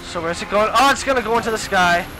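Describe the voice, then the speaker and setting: A man's voice: high voice, fast, pushed and bright, soft background music, rough recording. A young man commentating his own gameplay as a let's play host, exasperated and exclaiming at the game.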